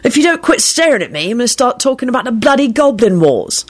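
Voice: medium pitch, very animated, fast, pitched above the performer's own voice. A reader voicing a brash, cocky young male wizard ghost who swears and teases in an audiobook. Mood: cocky teasing. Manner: swearing, breezy, mocking.

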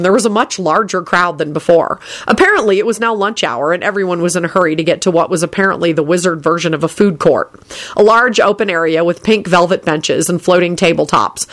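A woman narrating a story aloud in an expressive storytelling manner. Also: lowish voice.

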